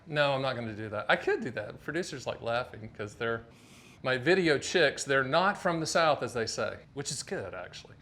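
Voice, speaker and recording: A man's voice: medium pitch, a little fast. A middle-aged man from North Carolina hosting a casual video, joking and hammering his points home with repetition. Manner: jokey, animated, emphatic repetition. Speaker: host. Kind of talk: casual talk to camera.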